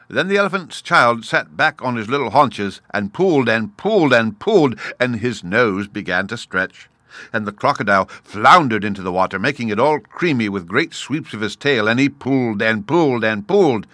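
Male storyteller, measured and expressive, lower voice with a bright, forceful tone. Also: dry recording. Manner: measured, expressive, addresses the listener. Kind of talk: storybook read-aloud.

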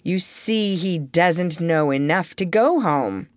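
A woman reading a storybook aloud, voicing a dignified young man who speaks in a dry, deadpan way. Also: lowish voice, slow pace, no room sound.

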